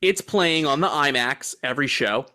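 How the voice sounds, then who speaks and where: A man's voice: mid-range voice, normal speed, pushed and bright. A young man co-hosting a movie podcast, chatting casually and swearing freely, often laughing and acting out quotes in silly voices. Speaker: podcast co-host. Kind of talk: casual chat.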